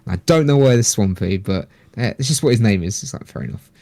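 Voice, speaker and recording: A man, speaking in a low, warm register and telling a rambling story in casual conversation. He swears easily and puts on quick voices for other people's lines. The sound is dry and close. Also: expressive, dry recording. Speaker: podcast guest.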